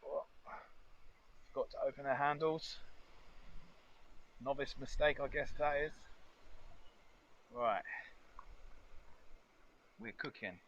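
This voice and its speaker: A man's voice: medium pitch, slow pace, pauses often, fairly bright tone, dull audio, a little hiss or hum. A man chatting casually and cheerfully while cooking outdoors for a foraging vlog. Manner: chatty, upbeat, muses aloud. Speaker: foraging vlogger. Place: outdoors in nature.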